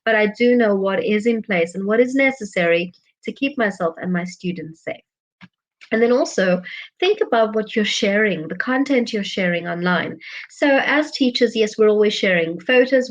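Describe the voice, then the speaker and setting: A woman of middle pitch walks through advice for online teachers in an earnest, explanatory way. She leans on the key words, and the webinar audio sounds slightly dull and lo-fi. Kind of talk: webinar presentation. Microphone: webinar microphone.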